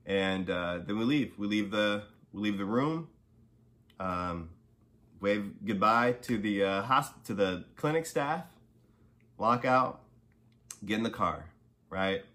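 This podcast host's voice is low and sharp-toned, delivered slowly with long pauses. Recounting a personal story, he stays conversational with frequent "you know" and "right?" asides, but heats up when angry.

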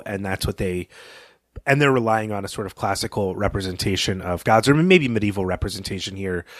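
A man's voice: fairly low pitch, no room sound, studio quality. A man co-hosting a book podcast, recapping and discussing a story in a conversational way. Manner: conversational, with fillers and occasional laughs.

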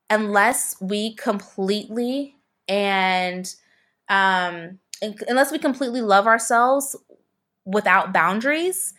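A woman's voice: mid-range voice, fairly bright tone. Young woman guest, chatty storyteller, talks in loose restarting sentences. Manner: chatty, with many fillers and restarts. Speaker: photographer and podcast guest. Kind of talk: casual storytelling.

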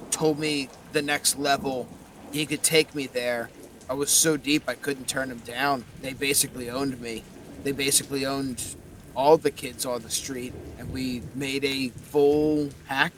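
A man voicing the cursed skull of a male werewolf gang member, talking in a rough, pained, gruff and slangy way. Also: medium pitch, background noise, close to an everyday voice.

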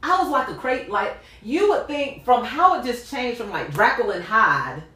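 A woman's voice: on the high side, normal speed, far from the mic, a little hiss or hum. A woman hosting a casual faith talk, telling a personal story with lots of acted-out dialogue and laughter. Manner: animated storytelling, acts out dialogue, laughs often. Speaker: podcast host. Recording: echoey room, off mic.

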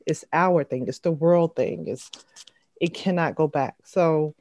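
A woman's voice: sits low, unhurried, a little mellow, slight background noise. A woman speaking earnestly and firmly about her own beliefs in a candid conversation.

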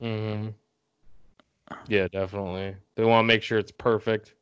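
A man's voice: fairly low pitch, level tone, moderate pace, fairly bright tone, clean tone, dry recording, dull audio. A man co-hosting a podcast, chatting casually about baseball, laid-back and jokey, often laughing. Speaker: podcast co-host. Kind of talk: casual chat.

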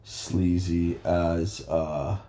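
A man co-hosting a podcast, speaking in a hesitant, halting way as he searches for words. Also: deep voice, flat delivery, a crowd in the background. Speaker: podcast co-host. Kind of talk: casual chat.

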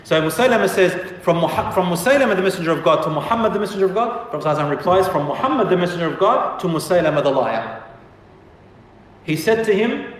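A man giving a storytelling religious lecture, acting out the quoted exchanges with lively shifts of voice. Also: high voice, fast, a little hiss or hum. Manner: animated, acts out quoted exchanges. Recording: echoey hall from far off.

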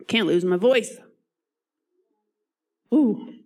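A woman preaching a sermon while losing her voice; she talks earnestly, coughing and laughing between phrases. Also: on the low side.

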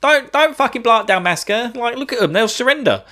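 A man's voice: extremely high pitch, expressive, brisk, bright, forceful tone, pitched above the performer's own voice, heavily acted. A man voicing a laid-back young male prince who pleads in drawling slang. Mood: pleading.

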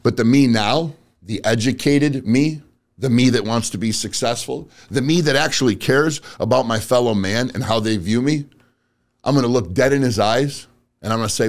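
Male motivational speaker, mid pitch, lively swings, blunt casual delivery. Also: normal speed. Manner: blunt, direct, street-casual, addresses audience as bro and guys. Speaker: motivational speaker and auto business owner. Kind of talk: casual motivational talk to viewers.

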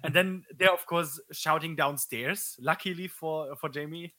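A man gushes about his favourite scenes in casual podcast chat, stumbling over his words in his excitement. His voice sits a little high and sounds bright, and the recording is dry and close. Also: unhurried, no room sound. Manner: excitable, full of fillers and restarts. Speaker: podcast co-host. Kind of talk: casual movie discussion.

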